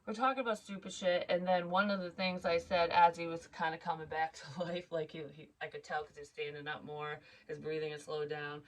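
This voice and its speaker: A woman's voice: low-pitched, flat delivery, fairly quick, hardly any pauses, rough recording. A young woman vlogging as a psychic medium, telling a story in a candid, rambling way and swearing freely. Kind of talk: casual storytelling monologue.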